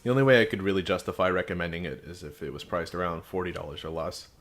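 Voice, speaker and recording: A man's voice: low-pitched, fast talker, fairly bright tone. A man giving a casual, frank video game review, with sarcastic asides and dry jokes.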